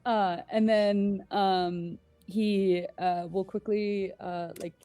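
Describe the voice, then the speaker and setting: A woman's voice: medium pitch, fairly even intonation, very slow, dark tone, smooth, faint music behind. A woman playing a tabletop game, describing her character's actions casually and with many fillers. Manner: hesitant narration with many fillers. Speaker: player.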